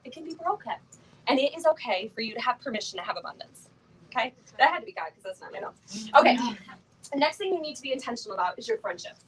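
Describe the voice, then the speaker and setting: A woman's voice: a little high, animated, quick pace, fairly bright tone, far from the mic, slight background noise, rough recording. A middle-aged woman giving a motivational talk to a live audience from a stage, chatty and playful, full of fillers and laughing asides. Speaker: motivational speaker at a sales event.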